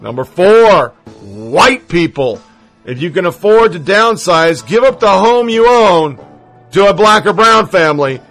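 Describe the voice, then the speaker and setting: A man's voice: sits high, sing-song, unhurried, a bit bright, faint music behind, full character voice. A man putting on a preachy Southern older woman.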